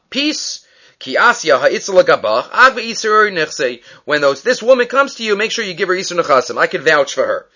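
Male Talmud teacher, high-pitched, reads and explains with rhetorical questions; muffled lo-fi recording. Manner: reads Aramaic text then explains it in English, animated and questioning. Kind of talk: daily Talmud page lesson. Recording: dull lo-fi recording.

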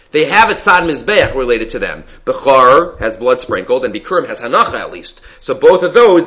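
A man's voice: medium pitch, pushed and bright. A man teaching a Talmud class, moving between English explanation and chanted Hebrew and Aramaic source quotations, often restarting his sentences. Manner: talks fast with frequent restarts. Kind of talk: Talmud lecture.

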